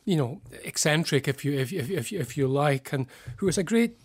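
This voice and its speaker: A man with a Scottish accent, a clinical psychologist guest, explaining things in a thoughtful, halting way on a radio interview. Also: fairly high pitch, animated, breathy edge.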